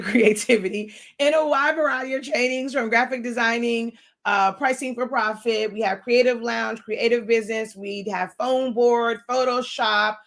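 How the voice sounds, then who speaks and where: Woman, middle-aged, livestream host, casual, fast-talking, long-winded, higher voice. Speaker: livestream host and creative instructor. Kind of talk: casual live-stream talk.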